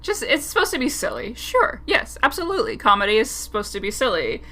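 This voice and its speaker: A woman's voice: a little high, very animated, brisk, bright, forceful tone. A woman co-hosting a casual podcast chat, laughing often and talking in loose, hedging run-on sentences. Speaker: podcast co-host.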